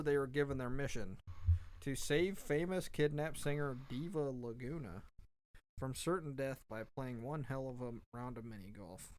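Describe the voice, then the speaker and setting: Guy cohost reading bits out, keeps laughing, playful, mid pitch. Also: a little mellow, no echo. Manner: playful, laughs between phrases. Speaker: podcast co-host. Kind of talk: casual chat reading an article aloud.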